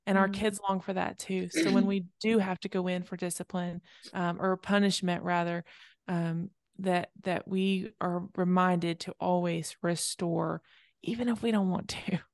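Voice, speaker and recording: A woman's voice: on the low side, fairly even intonation, measured pace, no echo, clean studio sound. A woman in her thirties co-hosting a casual faith conversation, telling a personal story in an earnest, reflective way with fillers. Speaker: podcast co-host.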